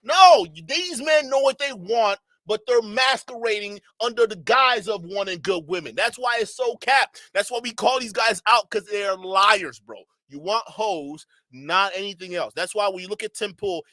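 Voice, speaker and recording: A man's voice: high voice, bright, forceful tone, no echo, clean studio sound. A man giving a blunt, profane reaction commentary, with mocking asides and bursts of laughter. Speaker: streamer commentator.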